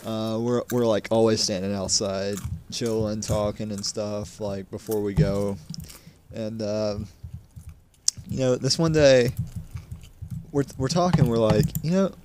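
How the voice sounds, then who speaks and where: A man's voice: on the low side, steady tone, unhurried, background noise. A young man co-hosting a casual podcast, telling a school story in a rambling way, repeating words and laughing often. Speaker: podcast co-host. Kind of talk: casual chat.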